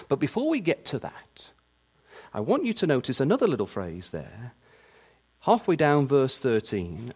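A man preaching a sermon, asking his listeners many questions and repeating words as he starts a phrase. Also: medium pitch.

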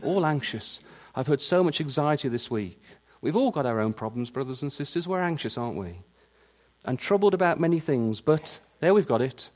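A man's voice: medium pitch, a little mellow. A man preaching a sermon, asking his listeners many questions and repeating words as he starts a phrase.

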